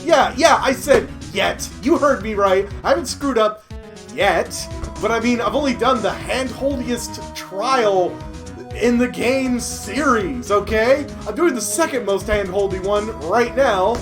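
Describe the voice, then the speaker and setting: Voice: mid-range voice, a little slow. A streamer playing a story game who reads its lines and cuts in with jokes, swearing and frequent laughter. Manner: joking, swears, laughs a lot. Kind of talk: game reading and commentary. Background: game music.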